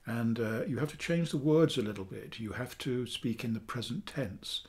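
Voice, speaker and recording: Therapist guy talking you through a calming technique, relaxed, lots of ums. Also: medium pitch, moderate pace. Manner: calm, chatty explaining with fillers, softening to near-whispers for affirmations. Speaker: therapist teaching a self-help technique. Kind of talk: talking-head teaching video.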